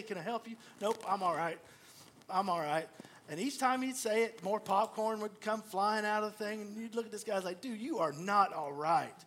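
A middle-aged man, a pastor giving a sermon and telling stories with lively, acted-out asides. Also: sits high. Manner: storytelling, animated, acts out quoted voices.

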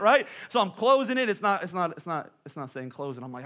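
A man's voice: very high-pitched, animated, quick pace, bright, forceful tone. A man in his thirties preaching a sermon, telling a comic story with playful self-mocking asides. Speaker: pastor.

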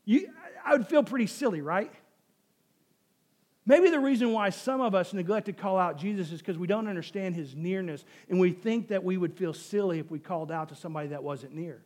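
A male pastor with a strikingly high voice delivers a sermon. He talks to the congregation conversationally and leans on rhetorical questions to make his points. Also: a little fast, a little mellow.

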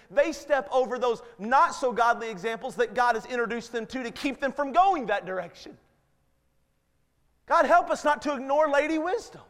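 High-voiced preacher in a reverberant hall. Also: male voice, fairly bright tone. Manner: earnest, rising to emphatic appeals. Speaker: pastor. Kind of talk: sermon.

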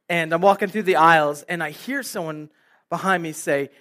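A man's voice: a little high, a little fast, fairly bright tone. A young adult man preaching a sermon to a room, telling a story and acting out the dialogue. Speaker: pastor. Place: room with live audience.

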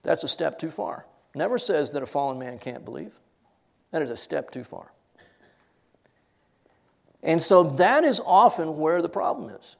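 Male preacher, middle-aged, higher-pitched voice, emphatic sermon delivery, sharp rises and drops. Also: lively intonation, a little slow, vocal fry, pauses often. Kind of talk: expository sermon.

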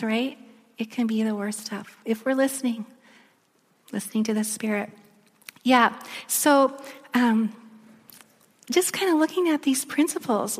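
Woman, middle-aged, sermon, chatty storytelling, lots of fillers, higher voice. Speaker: preacher. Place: church hall. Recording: long reverb in a large hall.

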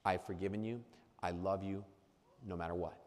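A man's voice: low voice, steady tone, normal speed, a little mellow, long reverb tail. A man preaching an earnest sermon to new ministers, hammering points through repetition, with frequent restarts. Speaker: pastor addressing new ministers.

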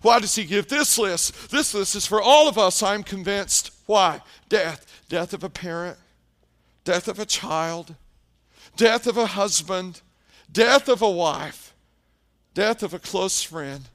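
A male pastor delivers a sermon in a noticeably high voice, taking his time over each phrase. He tells stories and drops into quieter, hushed tones to make his points land. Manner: storytelling preacher, dramatic pauses, drops to hushed tones.

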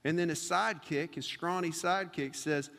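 A man's voice: on the high side, moderate pace, vocal fry, fairly bright tone, big-room sound. A man preaching a sermon to a church congregation, driving points home with repetition and rhetorical questions. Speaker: pastor. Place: church service before a congregation.

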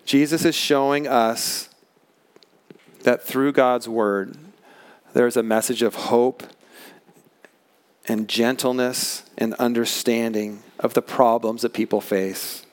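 A man preaching a sermon as pastor, earnest and emphatic, slowing down to stress key words. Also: mid-range voice, fairly even intonation, dry recording. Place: large tent.

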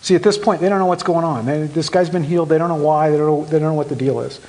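A man preaching a sermon, retelling a story with lively acted-out voices and dropping to a hushed tone at serious points. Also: fairly high pitch, quick pace. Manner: animated, acts out the story in voices, drops to a hushed tone for serious moments. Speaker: pastor.

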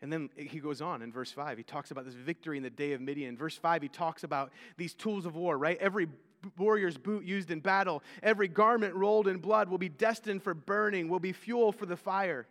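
High-voiced preacher in a reverberant hall. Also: male voice, a little fast, a bit bright. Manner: conversational, repeats words, acts out quotes. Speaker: pastor. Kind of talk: sermon.

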